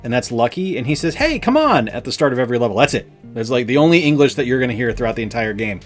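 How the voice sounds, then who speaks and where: A man's voice: medium pitch, very fast, faint music behind. A man co-hosting a casual game review, talking with enthusiasm and lots of fillers. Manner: enthusiastic, rambling with many fillers.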